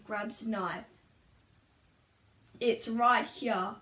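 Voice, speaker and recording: A woman with a high-sitting, sharp voice and lively intonation recounts a dream at normal speed for a casual story-time video. She tells it animatedly, acting out voices with gasps and screams, and a distant mic picks her up in an echoey room.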